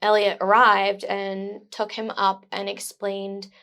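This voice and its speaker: A young woman's voice with a slightly gravelly, fried texture. She is a guest in a conversational interview and speaks in a heartfelt, effusive way. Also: medium pitch, monotone, slow pace, pushed and bright. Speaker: guest, new mother.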